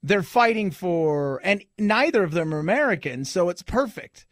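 A man's voice: high voice, big pitch swings, normal speed, no echo, studio quality. A middle-aged man hosting a radio talk show, chatting casually with joking, sarcastic asides. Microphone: studio microphone.

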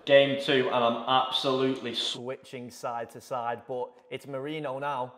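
A man's voice: mid-range voice, flat delivery, a little slow, fairly bright tone, slight background noise. A young man playing a football video game, chatty and a little smug with his friends. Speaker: gaming video presenter. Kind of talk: casual banter over video games. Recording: echoey room.

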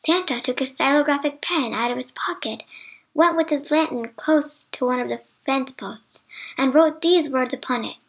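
High-voiced woman reading a storybook. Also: normal speed. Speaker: narrator. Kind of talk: scripted storybook narration.

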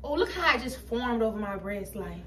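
A woman's voice: on the high side, animated, brisk, pushed and bright. A woman running a casual try-on haul vlog, gushing, laughing and exclaiming as she shows off wigs in her shop. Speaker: wig shop owner showing stock. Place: indoor shop. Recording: distant mic with faint room noise.

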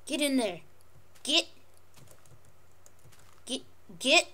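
A woman playing Minecraft and chatting casually, coaxing and fussing over her pet wolves in an excitable voice. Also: mid-range voice, unhurried. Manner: excitable, jumps between squeals and mutters. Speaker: Minecraft let's player. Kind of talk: casual gameplay commentary.

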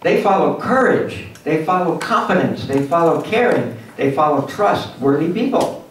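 A man giving a lively motivational lecture at a symposium, acting out little scenes for his audience. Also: on the high side, moderate pace, a little hiss or hum. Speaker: guest speaker at a symposium. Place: university lecture hall. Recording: echoey hall from far off.

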